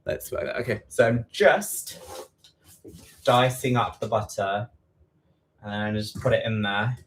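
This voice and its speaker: A man's voice: fairly low pitch, steady tone, measured pace, a little hiss or hum. Chatty East London man baking at home. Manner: chatty, self-deprecating, repeats quantities aloud. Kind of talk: casual live baking chat. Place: home kitchen.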